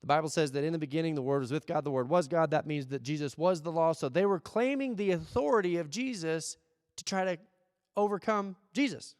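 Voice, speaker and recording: A man's voice: a little high, expressive, fairly quick, a little mellow. An American man preaching a conversational sermon, asking rhetorical questions and acting out little asides. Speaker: pastor. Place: church service. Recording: dry sound with long hall reverb.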